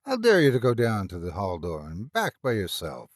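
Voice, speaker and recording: A man voicing Meagle, a boisterous, teasing young man who grows sharp and urgent, in a read-aloud horror story. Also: on the low side, huge pitch swings, normal speed, dry recording, clean studio sound, voice pushed down. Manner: hearty, teasing, rising to sharp.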